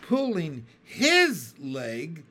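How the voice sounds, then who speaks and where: A man's voice: sits high, very animated, slow pace, fairly bright tone, voice pushed up, heavily acted. A man reading a children's storybook aloud, voicing a boastful, teasing male giant centipede.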